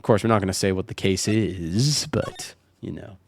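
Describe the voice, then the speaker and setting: A man's voice: low voice, moderate pace, hardly any pauses, darkish tone, faint music behind. A man streaming a game, reading the dialogue and making wry, sarcastic commentary with some swearing. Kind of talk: casual let's play commentary.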